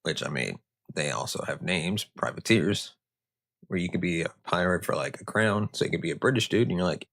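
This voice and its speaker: A man's voice: sits low, animated, fairly quick, vocal fry, fairly bright tone. A man hosting a history show, narrating with joking, conversational asides. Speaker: host.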